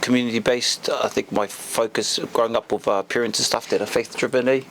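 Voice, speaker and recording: A man with a New Zealand accent, a police officer guesting on a podcast, telling his story haltingly with many fillers. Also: mid-range voice, little pitch movement, a bit bright, a little hiss or hum. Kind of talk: casual chat.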